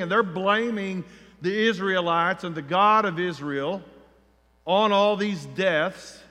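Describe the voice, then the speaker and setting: A man preaching a sermon, telling the story with feeling and acting out the crowd's voices, rising to near shouts. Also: high voice. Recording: long reverb of a large hall.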